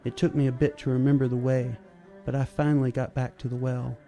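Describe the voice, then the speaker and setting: A man reads a story aloud in a measured, steady way. His voice is gravelly and dark at a middle pitch. Soft music plays under the narration. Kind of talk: storybook reading.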